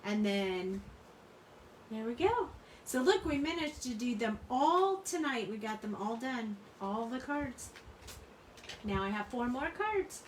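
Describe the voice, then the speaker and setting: A woman's voice: medium pitch, slight background noise. A middle-aged woman hosting a crafting video, chatting casually and rambling, laughing often as she talks. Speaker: crafting channel host. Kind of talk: casual chat while crafting. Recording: roomy room, mic at a distance.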